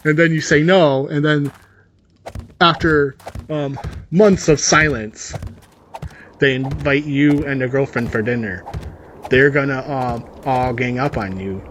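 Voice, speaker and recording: A man's voice: medium pitch, slow, pauses often, slight background noise. A man reading a story aloud and adding sarcastic, rambling comic asides over gameplay. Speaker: story reader and commentator.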